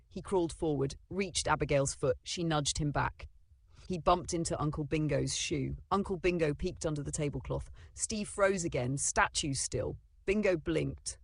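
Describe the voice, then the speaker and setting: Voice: mid-range voice, normal speed, vocal fry, breathy edge, dry recording. A narrator reading a children's storybook in a dramatic, playful way.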